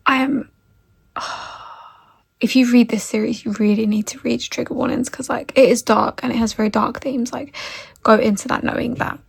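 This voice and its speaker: A woman vlogging about a book she is reading, tearful and crying, often dropping into breathy half-whispers and trailing off. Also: on the high side, steady tone, moderate pace. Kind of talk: emotional reading vlog chat.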